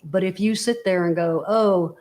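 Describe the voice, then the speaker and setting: A woman's voice: on the low side, normal speed, darkish tone. A woman guest on an interview show, talking casually and explaining her ideas with everyday analogies and frequent check-ins with the listener. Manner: explanatory, full of analogies and "you know". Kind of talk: casual motivational conversation.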